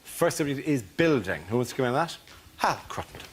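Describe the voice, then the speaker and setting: A man hosting a comedy panel game, briskly announcing topics and calling on comedians. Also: medium pitch, expressive. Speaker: show host. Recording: studio audience, background noise.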